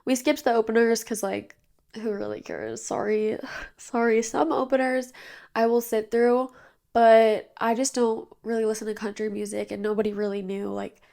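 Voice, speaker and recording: A woman's voice: on the high side, moderate pace, vocal fry, warm tone. A young woman in her twenties hosting her own podcast, chatting casually and bubbly about her weekend, sounding tired and a little nasal. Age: 20s. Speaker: podcast host. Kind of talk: casual chat. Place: bedroom with blinds drawn.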